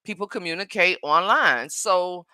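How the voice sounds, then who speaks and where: A woman's voice: on the low side, lively intonation, measured pace, pushed and bright, no room sound, studio quality. A woman chatting emphatically on a phone livestream from home, repeating herself and answering commenters. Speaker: live streamer. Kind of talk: casual live-stream chat.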